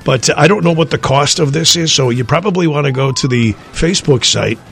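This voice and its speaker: A man's voice: on the high side, brisk, gravelly, fairly bright tone, faint music behind. Rambling, jokey male radio host. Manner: rambling, jokey, self-interrupting. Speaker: radio morning show host. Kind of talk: casual radio banter and weather.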